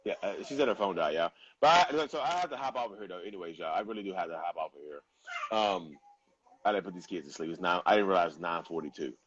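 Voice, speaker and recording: A man's voice: deep voice, fast talker, fairly bright tone, muffled recording, a little hiss or hum. A young man hosting a casual livestream, talking bluntly and in slang to his viewers. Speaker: livestream host.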